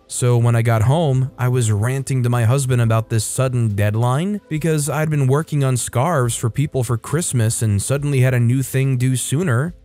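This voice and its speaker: A man hosting a storytime show, reading online posts aloud and adding relaxed personal asides between them. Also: mid-range voice. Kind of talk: storytime narration with casual commentary.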